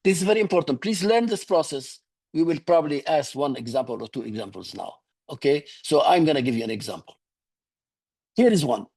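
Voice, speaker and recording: Higher-voiced man coaching humor. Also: animated, fairly quick, vocal fry, a little mellow, slightly rough. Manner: instructive, repeats "okay?" to check understanding. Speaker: public speaking coach. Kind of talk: online speaking workshop lesson. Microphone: video call.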